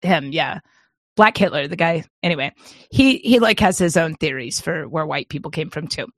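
A woman co-hosting a podcast, telling a long story in a rambling, animated way and breaking into laughter often. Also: low voice, moderate pace, dry recording, studio quality. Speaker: podcast co-host. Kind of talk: casual storytelling chat.

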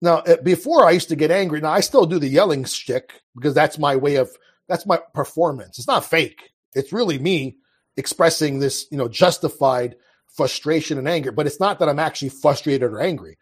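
A man with a husky, slightly breathy voice that sits a little high for a man. He talks earnestly and with passion, often breaking off and restarting his sentences in a loose, conversational flow. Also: brisk. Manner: earnest, impassioned, with frequent restarts. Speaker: podcast guest. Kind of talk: casual conversational monologue.

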